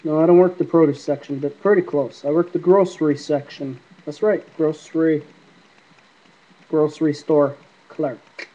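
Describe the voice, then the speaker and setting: A man's voice: fairly high pitch, steady tone, normal speed, warm tone. A man rambling casually to the camera in a paranormal app vlog, answering unseen spirits as he talks. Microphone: iPod camera mic. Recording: dull lo-fi iPod recording.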